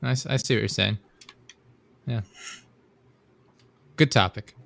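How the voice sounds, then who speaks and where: A man's voice: lowish voice, measured pace, vocal fry, a bit bright, slight background noise. A man hosting a casual podcast chat, telling stories with many restarts and laughs. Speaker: podcast host.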